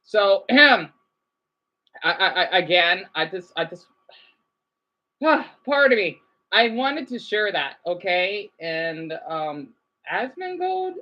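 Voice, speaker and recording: A woman's voice: medium pitch, very animated, slow, highs cut off. A woman vlogger giving rambling, chatty livestream commentary with frequent restarts and check-ins with the audience.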